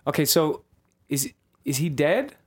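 A man hosting a comedy podcast sketch, animated and quick to shout in high, startled bursts. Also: husky. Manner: animated, jumps into high-pitched exclamations. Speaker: podcast host.

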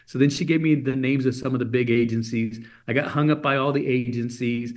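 A man's voice: medium pitch, fairly quick, hardly any pauses. A man from Germany, a guest in an interview, telling a story with energy and acting out the voices of the people in it. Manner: energetic, acts out quoted voices. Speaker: podcast guest.

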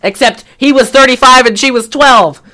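A woman with a high-pitched voice speaks at a moderate pace against a noisy background. As a podcast co-host, she chats casually, laughing a lot and cursing freely while animatedly recounting a film.

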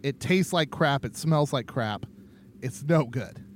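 A man's voice: mid-range voice, unhurried, slight background noise. A tipsy man co-hosting a podcast, rambling in casual chat and laughing often. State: tipsy from drinking. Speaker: podcast co-host.

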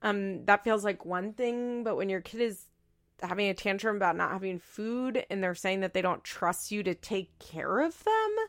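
A woman's voice: mid-range voice, lively intonation, normal speed. A woman giving casual commentary as a podcaster, blunt and profane, with frequent "like" fillers. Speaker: reality TV recap podcaster.

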